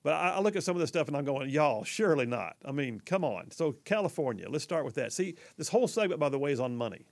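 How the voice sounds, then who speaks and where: A man's voice: on the high side, gravelly. A man from Alabama with a Southern accent, hosting a conservative talk radio show in a folksy, emphatic, chatty way.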